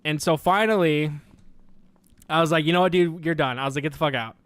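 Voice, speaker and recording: A man's voice: on the high side, fairly quick, no echo. Profane young man telling a story. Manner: profane, animated retelling with quoted dialogue. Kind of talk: casual storytelling.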